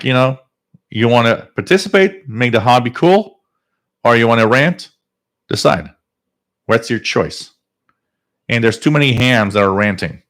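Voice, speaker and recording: A man hosting a live radio-hobby stream, ranting emphatically and rising toward near shouting. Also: lowish voice. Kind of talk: live-stream talk and rant.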